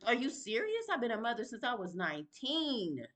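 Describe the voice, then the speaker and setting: Talking at a moderate pace in a voice on the high side, a middle-aged woman pours out her frustration to the camera in a heated video as a mother, confronting people who aren't there. She uses plain Southern vernacular and pauses to sigh and breathe herself calm.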